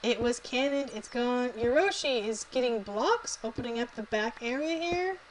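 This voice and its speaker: A woman with a high voice calls a live game match. Her commentary is chatty play-by-play, and she laughs easily between calls. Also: normal speed, slight background noise, low-quality recording. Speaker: tournament commentator.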